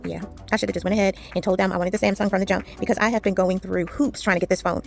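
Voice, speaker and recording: A woman chatting casually while she strings beads, telling a long story with lively retellings. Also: medium pitch, racing, creaky, faint music behind. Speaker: jewelry-making vlogger. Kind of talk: casual chat while beading.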